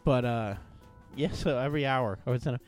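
A man co-hosting a podcast, telling an anecdote in a casual, profane, animated way. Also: mid-range voice, a little fast, soft background music. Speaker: podcast co-host. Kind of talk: casual storytelling chat.

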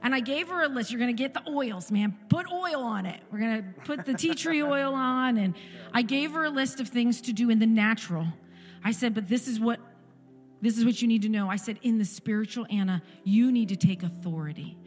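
A woman's voice: on the high side, fairly quick, in a large hall, faint music behind. A woman in her forties giving an impassioned church testimony, firing off repeated rhetorical questions. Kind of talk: sermon testimony.

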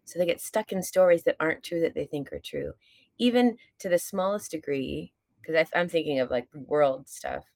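A woman's voice: low-pitched, expressive, normal speed, a little mellow, no echo. A woman podcast guest and stage performer talking in casual chat, earnest, reflective and openly candid, now and then swearing.

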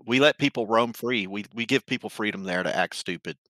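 A man speaking as a guest author in a casual interview, telling stories in a relaxed, good-humored way. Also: lowish voice, a little fast, no room sound.

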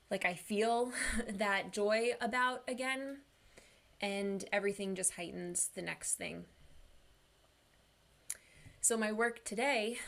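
An earnest young woman coaching listeners through a personal motivational talk. She talks casually and fills her speech with "like." Her voice has a gravelly fry. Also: mid-range voice, fairly bright tone. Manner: earnest, casual, uses "like" a lot. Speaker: mental health coach.

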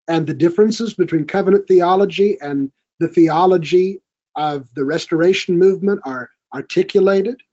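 A man's voice: high voice, warm tone, dull audio. A man speaking as a guest in a studio conversation, earnest and encouraging. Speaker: podcast guest. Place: recording studio.

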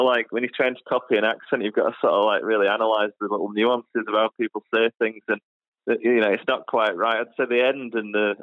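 Low flat British man on a tinny line. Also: no room sound. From United Kingdom. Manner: hesitant, lots of fillers and restarts. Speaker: guest, shooting channel creator. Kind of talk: casual interview chat.

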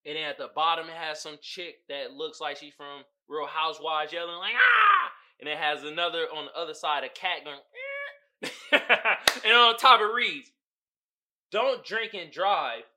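A man hosting his own podcast in casual solo chat, slangy and animated, laughing often. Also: fairly high pitch, normal speed. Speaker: podcast host.

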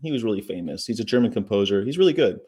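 A man's voice: on the low side, animated, rapid-fire, warm tone, husky. A man hosting a casual daily chat, rambling through the day's history with fillers and asides. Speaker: vegan channel host.

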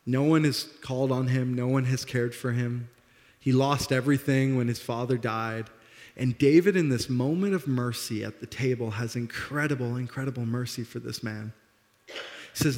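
A young man preaching a sermon as pastor, with a slight lisp, animated and self-deprecating, acting out the dialogue. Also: medium pitch, normal speed. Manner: animated, laughs at himself, acts out dialogue. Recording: long hall reverb.

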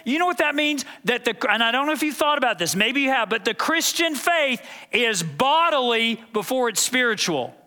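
Man, pastor, sermon, very high voice, emphatic repetition. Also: expressive, moderate pace, few pauses, pushed and bright, clear, resonant tone. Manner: emphatic preaching with repeated phrases.

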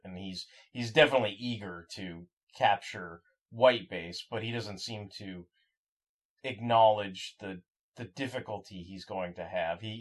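Brief: man, low voice, casual podcast co-host, halting with lots of restarts. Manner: halting, many restarts and fillers. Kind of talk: casual chat.

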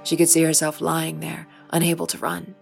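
A woman narrating her own fantasy story in a measured, expressive storybook reading. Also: deep voice, gravelly, soft background music. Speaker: author and narrator.

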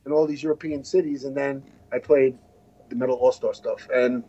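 A man's voice: medium pitch, fairly even intonation, a little fast, mellow, husky, muffled recording. An American man telling a long story as an interview guest, rambling with many restarts and asides. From United States. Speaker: guest musician.

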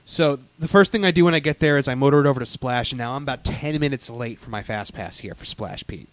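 A man's voice: mid-range voice, quick pace, no room sound. A man hosting a casual theme-park chat, telling stories eagerly with many fillers and restarts. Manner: enthusiastic storyteller, lots of fillers and restarts.

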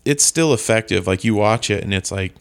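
A man with a fairly low voice, chatting casually about movies. He talks wryly and laughs often, with mock-disgusted asides. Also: brisk.

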